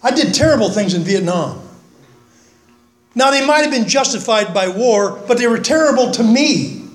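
A man's voice: very high voice, expressive, moderate pace. An older man giving a folksy, earnest talk at a recovery meeting, with self-mocking humor. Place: meeting room, speaking from the front. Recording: echoey meeting room.

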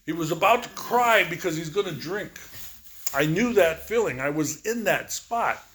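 A man's voice: on the high side, animated, normal speed, a bit bright. Rambling man in his sixties telling his story. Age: 60s. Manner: rambling, repetitive storytelling with many fillers. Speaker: recovery speaker. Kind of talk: personal recovery testimony.

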